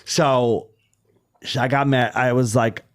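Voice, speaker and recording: A man's voice: medium pitch, fairly even intonation, slow. A middle-aged man, a comedian guest on a podcast, telling a personal story in casual chat, candid and swearing freely.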